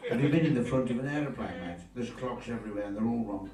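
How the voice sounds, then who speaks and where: An older man doing live stand-up comedy, telling stories briskly with cheeky punchlines. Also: medium pitch, over a noisy crowd. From Cannock, English Midlands. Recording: echoey live room from far off, loud background.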